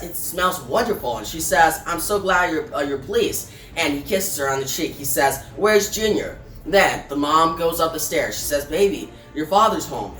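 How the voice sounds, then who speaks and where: Man, comic book review, rambling casual recap, bright voice, echoey room from a distance. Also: fairly high pitch. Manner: rambling recap, many fillers.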